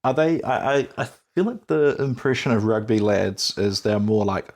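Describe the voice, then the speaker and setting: A man's voice: fairly low pitch, expressive, normal speed, a little mellow. A young man hosting a podcast interview, talking in a rambling, hesitant way with many restarts. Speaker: podcast host. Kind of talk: casual interview chat.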